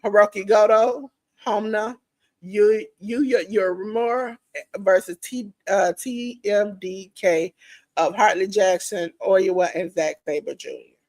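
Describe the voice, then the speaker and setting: Chatty woman podcast host, voice going hoarse. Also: mid-range voice, fairly even intonation, slow, no echo. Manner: chatty, addresses listeners directly as ladies and gentlemen. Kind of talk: casual wrestling preview chat.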